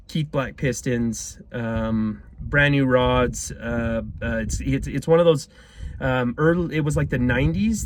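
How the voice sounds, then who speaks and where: A man's voice: fairly high pitch, slight background noise, low-quality recording. A man in his thirties from Utah telling a long, rambling story in a casual way, laughing often and acting out the people he quotes. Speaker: car restorer telling a story.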